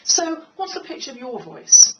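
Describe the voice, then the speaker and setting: Woman speaking coach, clear and measured, a bit off-mic, faint background hiss. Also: very animated, a bit bright, recorded from a distance, low-quality recording. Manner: clear, measured, demonstrates pitch by singing. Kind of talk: instructional talk to camera. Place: room with a piano.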